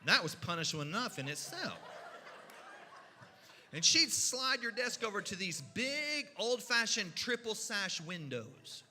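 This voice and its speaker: A storyteller spins a funny tale in a folksy, animated way, sprinkling in sound effects and voices. The voice sits high for a man and sounds very bright. It carries through a church hall with a long, ringing echo. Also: a little slow, soft background music. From Kentucky mountains. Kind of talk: humorous storytelling. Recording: reverberant hall.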